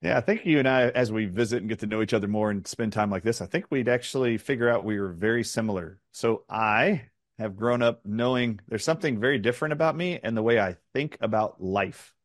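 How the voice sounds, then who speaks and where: A middle-aged man from the southern United States, a guest in an interview, tells animated stories with emphatic, rapid-fire questions. His voice is fairly low, and the studio sound is clean with no echo.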